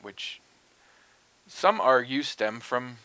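Man, podcast co-host, teasing jokey banter, bright tone, animated pitch. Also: drawn-out words, no room sound. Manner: joking, teasing, crude asides. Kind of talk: casual chat.

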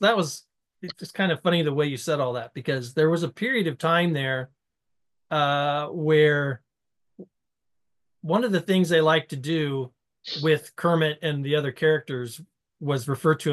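A man's voice: on the high side, normal speed. A man co-hosting a podcast, speaking in casual chat with rambling, reflective remarks and small laughs between phrases. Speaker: podcast co-host.

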